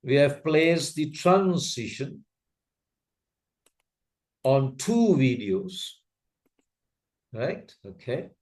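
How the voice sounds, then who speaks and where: Slow, patient man teaching software. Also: mid-range voice, big pitch swings. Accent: Asian English. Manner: patient, repeats checks like "can you see that?". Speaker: trainer teaching video editing. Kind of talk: slow step-by-step software tutorial.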